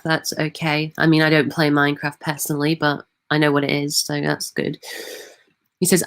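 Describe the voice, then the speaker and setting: A woman's voice: low-pitched, level tone, a little fast. A woman from Manchester, hosting a casual livestream and answering viewer comments in a hesitant way, full of ums and restarts. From Manchester, England. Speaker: livestream host.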